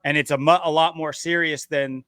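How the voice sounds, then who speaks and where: A man's voice: on the high side, fairly even intonation, normal speed, a bit bright, no room sound, studio quality. A man co-hosting a podcast in casual chat, talking intensely and building an argument. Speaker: podcast co-host.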